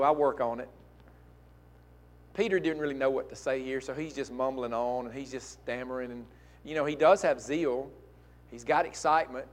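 A male pastor preaching a sermon, dropping to quiet asides and climbing to loud, emphatic peaks. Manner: swings from soft asides to loud, high-pitched emphatic preaching.

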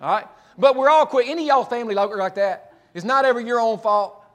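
High-voiced preacher, folksy. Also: male voice, a little fast, fairly bright tone. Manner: folksy, conversational storytelling with frequent restarts. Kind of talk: sermon, retelling scripture.

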